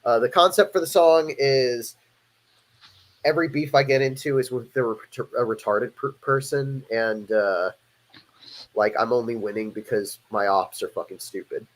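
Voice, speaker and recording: A man's voice: medium pitch, fairly even intonation, normal speed. A man hosting a livestream, talking casually about his music in a loose, rambling, profane way with frequent restarts. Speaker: host and musician.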